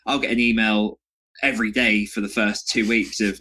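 A man's voice: lowish voice, fairly even intonation, fairly quick, bright, forceful tone. A man co-hosting a podcast, chatting casually and joking with a laugh. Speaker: podcast co-host. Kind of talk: casual chat.

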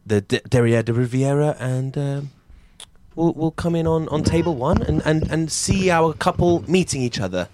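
A man's voice: fairly high pitch, normal speed, noisy background. A man hosting and setting up an improvised comedy sketch, with hesitant, filler-filled speech. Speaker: host.

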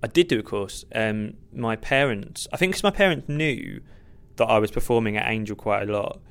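A man's voice: fairly low pitch, lively intonation, moderate pace, clean tone. A man, a stand-up comedian, giving candid, self-deprecating and rambling answers in a podcast interview.

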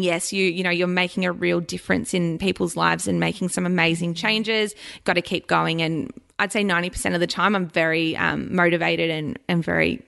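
A woman, a nutritionist and blogger chatting as a guest, expressive and quick to laugh. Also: lowish voice, vocal fry. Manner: chatty, expressive, laughs often, animated quoted asides. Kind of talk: casual interview chat.

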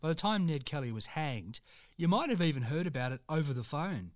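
A man's voice: on the high side, lively intonation, fairly quick, dry recording. Male podcast co-host, jokey, reads archive items; dry close-miked sound. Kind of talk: casual history chat, reading old news aloud.

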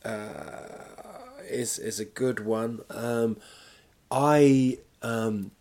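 A man's voice: mid-range voice, extremely slow, darkish tone. A man rambling in casual, self-mocking chat as a podcast host, talking from home while recovering from illness.

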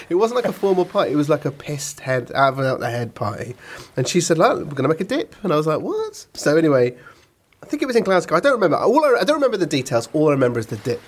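A middle-aged man, a comedian guest on a podcast, telling anecdotes in casual chat, animated and laughing often. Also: on the high side, fast talker, husky. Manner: animated storyteller who laughs often and slips into voices.

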